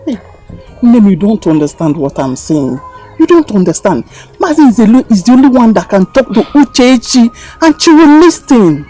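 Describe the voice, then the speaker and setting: A woman's voice: low-pitched, lively intonation, unhurried, pauses often, warm tone, soft background music, rough recording. An actress with a Nigerian accent playing an earnest village woman giving advice about a family feud. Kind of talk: Nollywood film acting.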